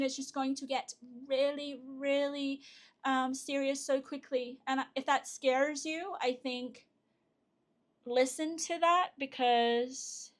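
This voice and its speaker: A woman giving a pick-a-card tarot reading to her viewers, chatty and excitable, with frequent fillers and restarts. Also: high-pitched. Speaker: tarot reader.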